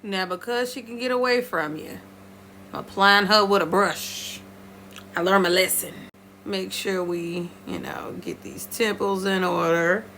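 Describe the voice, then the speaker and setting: A woman talking viewers through her makeup in a playful, chatty tutorial, breaking into high squeals now and then. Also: unhurried, slight background noise. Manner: lively, playful, talks straight to viewers. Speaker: beauty vlogger.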